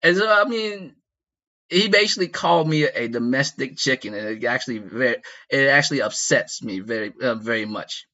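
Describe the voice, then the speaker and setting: A man tells a loose, profane comedic story in a casual way, circling back on himself and chuckling at his own tale. His mid-range voice is bright and forceful with lively intonation at normal speed, though the recording sounds slightly dull and muffled.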